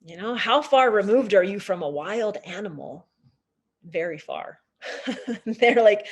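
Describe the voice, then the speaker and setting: A woman nature educator giving a storytelling lecture, animated and chatty with lots of casual fillers. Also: medium pitch, takes it slowly, husky.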